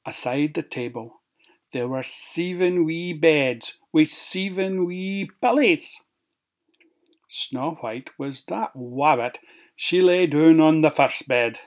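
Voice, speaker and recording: A storyteller with a Scots accent, reading a fairy tale aloud with lively expression. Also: medium pitch. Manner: expressive, lilting, slow.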